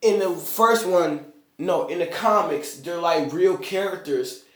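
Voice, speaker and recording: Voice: medium pitch, a little slow, echoey room. A game reviewer ranting in exasperated, profane commentary while playing, with sudden outbursts.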